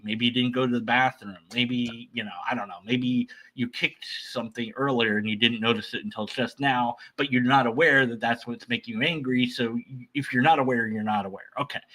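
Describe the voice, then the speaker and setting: Bright-voiced man rambling through commentary. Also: mid-range voice, low-quality recording. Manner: rambling, many restarts and asides. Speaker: reaction commentator. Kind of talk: casual reaction commentary.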